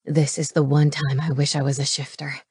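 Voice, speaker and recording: A woman voicing a soft, low-voiced male lover. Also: little pitch movement, moderate pace, breathy edge, no echo, clean studio sound, full character voice. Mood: hushed. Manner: low, hushed and soft-spoken. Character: tender, teasing adult man lover.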